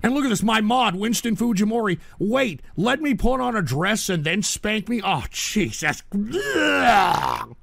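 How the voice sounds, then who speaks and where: Sick, shouting, gravelly-voiced male host. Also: high-pitched, big pitch swings, a little slow, no room sound. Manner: exasperated, shouts at trolls, swears. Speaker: livestream talk show host. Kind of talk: casual livestream rant.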